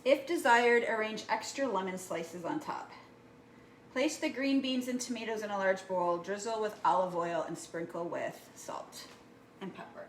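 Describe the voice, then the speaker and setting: A woman's voice: mid-range voice, normal speed, roomy sound, a little hiss or hum. A woman talking casually to the camera while cooking, rambling and chatty, often asking "right?". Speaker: cooking vlogger. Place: kitchen. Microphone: camera mic.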